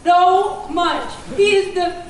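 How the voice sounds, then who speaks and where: A woman's voice: very high voice, fairly even intonation, slow, a little hiss or hum. A young actress in a stage play playing a lovesick, fretful young woman sick in bed, heard from far off in an echoey hall. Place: theatre stage.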